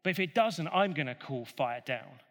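A man's voice: on the high side, animated, moderate pace, a bit bright, pitched below the performer's own voice. A man lightly voicing a bold, defiant male prophet who speaks with confidence and a teasing edge. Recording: long hall reverb.

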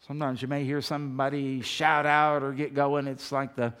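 A man's voice: mid-range voice, flat delivery, moderate pace, fairly bright tone, smooth. A pastor in his fifties preaching a sermon with emphasis, often asking the congregation questions. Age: 50s.

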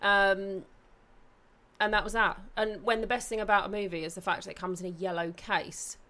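A woman from Watford with a southern English accent co-hosts a relaxed film chat. She talks in a loose, chatty way, laughs a lot and swears casually. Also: medium pitch, moderate pace. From Watford, England. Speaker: podcast co-host.

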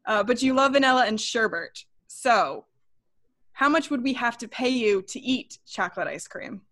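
A woman's voice: a little high, animated, moderate pace, a bit bright. Upbeat woman hosting a podcast. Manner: upbeat, chatty. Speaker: podcast host. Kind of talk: casual interview.

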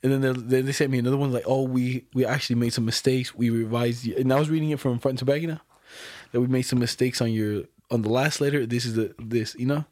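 A young man telling a story in casual chat, animated and slangy, acting out the other people's lines with frequent laughs. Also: mid-range voice, fast, dry recording, studio quality. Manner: casual slang-heavy talk. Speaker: podcast co-host telling a story.

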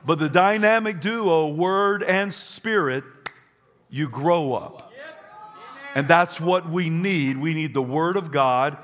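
A man's voice: on the high side, a little slow, few pauses, fairly bright tone. A man preaching a sermon to a congregation, emphatic and repetitive, leading them to say phrases back. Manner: emphatic, repeats phrases for the crowd. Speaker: pastor. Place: church.

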